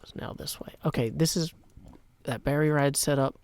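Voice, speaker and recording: A middle-aged man from Nashville, chatting casually as he plays a game on a live stream, self-deprecating, and often dropping to a hushed mutter. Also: a little high, fairly even intonation, fairly quick, smooth. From Nashville, Tennessee. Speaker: gaming streamer. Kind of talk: casual live gameplay commentary.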